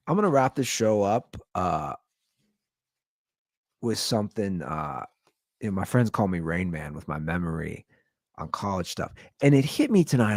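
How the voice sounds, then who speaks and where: A man in his thirties hosting his own podcast, telling stories in a casual comedic rant and jumping into high-pitched quoted voices. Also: a little mellow, no room sound, clean studio sound. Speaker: podcast host.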